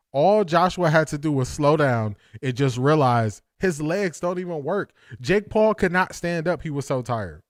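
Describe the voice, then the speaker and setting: A man's voice: fairly high pitch, no echo, clean studio sound. A man reacting live to a boxing match at a watch party, exasperated, laughing, and repeating himself. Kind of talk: live fight reaction commentary.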